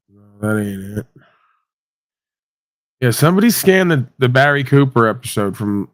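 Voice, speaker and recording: A man's voice: fairly low pitch, dry recording. A man hosting a livestream, ranting casually with blunt, sweary sarcasm. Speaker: livestream host.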